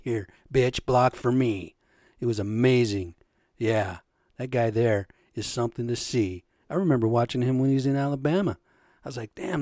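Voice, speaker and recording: A man's voice: medium pitch, dark tone, no echo, studio quality. A man hosting a solo podcast, ranting in a profane, agitated way. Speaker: podcast host.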